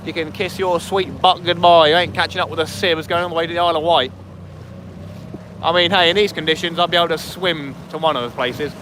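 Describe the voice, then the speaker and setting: A man's voice: on the high side, steady tone, a little fast, fairly bright tone. A young man, chatting casually with viewers while out fishing on a small inflatable boat. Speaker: fishing vlogger. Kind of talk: casual live-stream chat. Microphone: camera on the boat. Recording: wind and boat engine noise.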